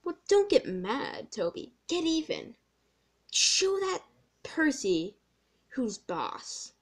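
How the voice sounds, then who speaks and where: A woman's voice: sits high, sing-song, slow, pitched above the performer's own voice, exaggerated voice. A woman voicing a male diesel engine who slyly eggs another engine on.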